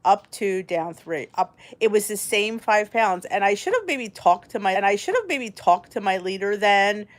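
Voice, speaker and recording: A woman's voice: mid-range voice, very animated, normal speed, hardly any pauses. A woman in her forties hosting a casual chat, talking in a rambling, candid way. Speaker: host.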